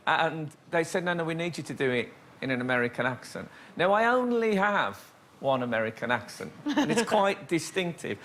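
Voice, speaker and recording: A man hosting a comedy show, telling playful anecdotes and laughing often. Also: on the high side. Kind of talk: comic chat with studio audience. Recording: loud studio audience laughter and noise.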